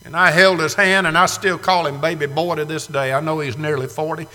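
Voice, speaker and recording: A man in his sixties preaching a dramatic sermon, moving from hushed, slow passages to loud cries. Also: a little high, fairly even intonation. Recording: reverberant hall.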